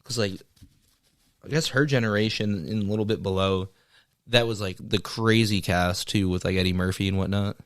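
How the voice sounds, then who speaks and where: Low-voiced young man in dry casual chat. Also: moderate pace, no echo. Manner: animated storyteller, acts out quotes. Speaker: podcast co-host.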